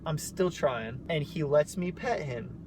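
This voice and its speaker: A man's voice: fairly high pitch, measured pace, background noise. A man co-hosting a casual chat, telling a story in a mock-emotional, self-mocking way. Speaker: co-host.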